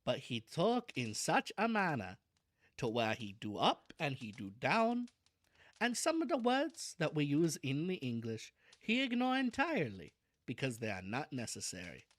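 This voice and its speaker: A man's voice: fairly high pitch, huge pitch swings, moderate pace, no echo. A man doing an old Van Helsing. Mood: measured. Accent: put-on Eastern European. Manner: soft sing-song cadence, broken grammar. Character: elderly male vampire hunter, old-world scholar.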